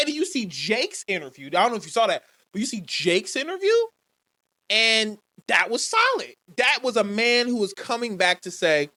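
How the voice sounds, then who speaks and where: A woman's voice: medium pitch, very animated, normal speed, pushed and bright. A woman co-hosting a wrestling podcast, talking bluntly and animatedly and swearing freely. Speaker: podcast co-host. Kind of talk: casual chat.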